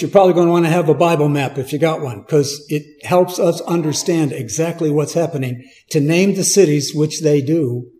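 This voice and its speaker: A man's voice: on the high side, mellow. A man preaching a Bible teaching in a conversational way, asking the listeners questions and stressing key words.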